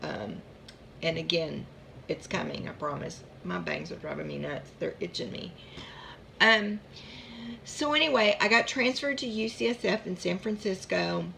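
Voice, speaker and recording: A woman's voice: on the low side, moderate pace, vocal fry, sharp tone, a little hiss or hum. A woman casually telling a long personal story about her chronic pain, chatty and rambling, with many asides.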